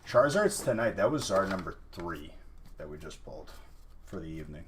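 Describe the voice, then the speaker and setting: A man's voice: sits low, very animated, brisk, slight background noise. A man casually chatting on a live stream while opening card packs, teasing and thanking viewers.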